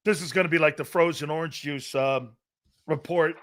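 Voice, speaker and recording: A man's voice: on the high side, fairly even intonation, moderate pace, fairly bright tone. A man hosting a live sports talk show, delivering blunt, profane, mocking opinions and predictions.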